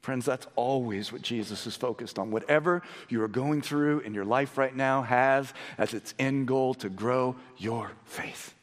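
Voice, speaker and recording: A man preaching a sermon as pastor, moving between hushed, low storytelling and raised, excited emphasis. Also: unhurried, few pauses. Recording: long hall reverb.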